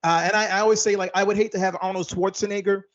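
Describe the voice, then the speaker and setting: A man's voice: high voice, little pitch movement, quick pace, dull audio. A male comedian chatting as an interview guest, hesitant with many fillers. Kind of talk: casual interview chat.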